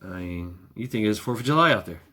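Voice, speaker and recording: A man's voice: lowish voice, animated, brisk, sharp tone, a little hiss or hum. A man talking in a casual, rambling monologue, sardonic and profane, chuckling often. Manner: wry. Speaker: vlogger.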